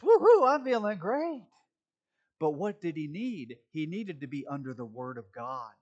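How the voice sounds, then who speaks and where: A man preaching a sermon in a fairly high voice. He talks to the congregation like a conversation, then punches key points loudly before dropping back to soft, quick asides. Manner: conversational preaching with swings between loud emphasis and quiet asides. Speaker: pastor.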